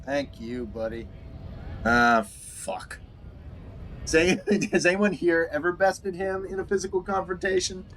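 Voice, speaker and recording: A man's voice: high-pitched, unhurried, fairly bright tone, a little hiss or hum. A man commentating casually over a video game, reading its text aloud with wry, swearing asides. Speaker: game streamer. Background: game music.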